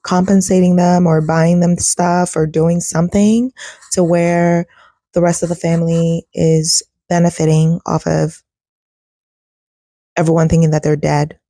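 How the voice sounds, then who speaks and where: Gravelly, mellow-voiced woman commentator. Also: lowish voice, little pitch movement, unhurried, no echo, studio quality. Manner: chatty, addresses viewers as y'all. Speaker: host. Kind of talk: casual commentary reacting to a video.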